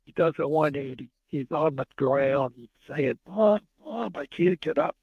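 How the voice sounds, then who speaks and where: A man's voice: medium pitch, creaky, breathy edge, dry recording, dull audio. A man in his eighties, a guest telling stories in an interview and acting out the dialogue in them. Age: 80s. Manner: animated storyteller who acts out dialogue. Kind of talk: storytelling interview.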